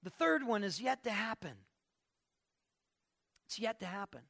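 An older male pastor gives a folksy, conversational sermon, dropping into soft asides and then lifting his voice for emphasis. His voice is slightly high with a gravelly grain. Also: big pitch swings, a little slow.

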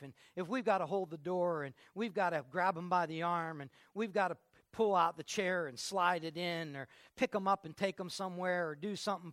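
A male pastor delivers a sermon in an easy, conversational manner and often restarts and repeats his words. His voice sits high for a man and sounds bright. The recording is dry and close. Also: no room sound. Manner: conversational preaching with frequent halting repeats.

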